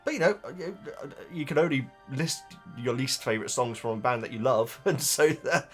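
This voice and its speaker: A man chats casually as he reads comments out loud, wandering off topic and cutting himself short with laughs. His voice sits mid-range but swings around a lot. Soft music plays faintly underneath. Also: mid-range voice, animated, moderate pace. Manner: rambling, self-interrupting, laughs often. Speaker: host reading viewer comments. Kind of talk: casual chat to camera.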